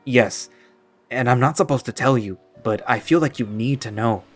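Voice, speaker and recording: Guy doing a soft-spoken apologetic tiger dude, mid-pitched voice, faint music behind. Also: normal speed, natural voice. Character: gentle secretive male tiger friend, apologetic.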